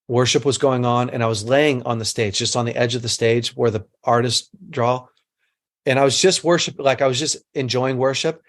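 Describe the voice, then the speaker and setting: Man, middle-aged, earnest teaching talk, medium pitch, repeats phrases for emphasis. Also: fairly even intonation, moderate pace. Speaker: speaker teaching a group. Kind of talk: teaching talk with personal story.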